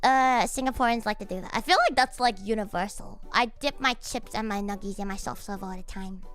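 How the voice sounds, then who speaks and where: A young woman streamer chatting casually and excitably, breaking into laughter and swearing freely. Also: medium pitch, a little fast, soft background music. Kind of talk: casual chat.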